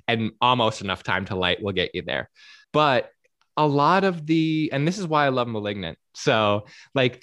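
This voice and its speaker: A man's voice: medium pitch, fairly bright tone, no echo, clean studio sound. A man co-hosting a casual talk show, speaking with enthusiasm, laughing often and restarting his sentences as he rambles. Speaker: podcast co-host. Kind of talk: casual chat about horror films.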